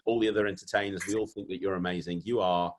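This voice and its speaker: A man's voice: deep voice, steady tone, fast talker, slight background noise. A man hosting a casual interview, gushing with effusive praise for his guest. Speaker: podcast host.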